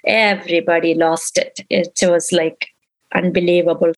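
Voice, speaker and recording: A middle-aged woman, a grieving mother, slowly and emotionally recounting events in an interview and quoting what others said to her. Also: fairly low pitch, level tone, rough recording.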